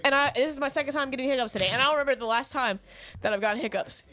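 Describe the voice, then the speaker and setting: Bright-voiced female co-caster, playful. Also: high voice, very fast. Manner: relaxed, playful back-and-forth. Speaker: esports co-caster. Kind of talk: casual commentary banter.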